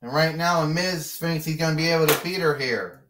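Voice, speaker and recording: A man narrating a make-believe wrestling match with excitable play-by-play and sudden shouts, recorded in a roomy space away from the mic. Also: a little high, fairly quick, distant mic, slight background noise. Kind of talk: play-by-play commentary.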